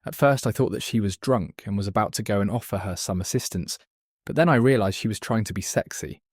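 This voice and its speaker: A man's voice: lowish voice, brisk, breathy edge, no room sound, studio quality. A man voicing a blunt, crude male former palace footman. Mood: scornful.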